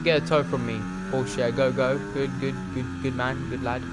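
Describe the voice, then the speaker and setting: A young man streaming a racing game live, talking to the other drivers and calling his own laps in excited commentary. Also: mid-range voice, normal speed, loud music behind the voice.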